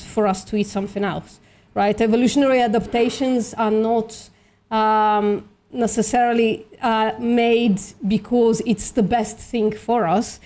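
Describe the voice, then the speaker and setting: Her voice leans high and warm: a woman hosting a livestream of outreach calls who is losing her voice slightly. She works through arguments aloud in a casual voice-chat debate, leaning on many fillers.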